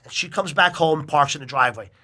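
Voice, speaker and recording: A middle-aged man telling a long personal story in casual chat, animated and full of swearing. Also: fairly high pitch, fast.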